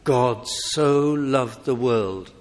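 A man preaches with slow, weighty emphasis. His voice lifts on each appeal and sinks again, and it rings out with a long reverb, as in a large church. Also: mid-range voice. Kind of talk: sermon.

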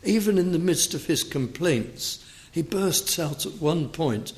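A man's voice: on the high side, animated, measured pace. A man teaching through a Bible passage verse by verse, explaining words and reading scripture aloud with emphasis.

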